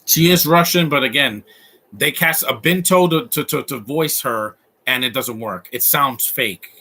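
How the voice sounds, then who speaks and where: A man's voice: medium pitch, measured pace, pushed and bright, husky. A man in his thirties giving live movie commentary, opinionated and rambling, often restarting his sentences.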